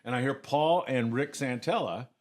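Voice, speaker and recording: A middle-aged man casually telling lively anecdotes, often acting out other people's voices. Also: medium pitch, normal speed. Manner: animated anecdotes, acts out voices. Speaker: guest. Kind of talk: casual storytelling.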